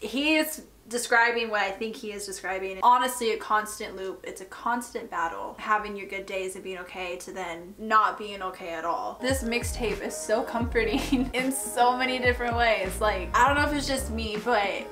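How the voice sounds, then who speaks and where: A woman's voice: mid-range voice, moderate pace, few pauses, a bit bright. Teary, rambling young woman reacting to music. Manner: emotional, rambling, fighting back tears. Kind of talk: casual reaction commentary. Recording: roomy echo with music playing behind.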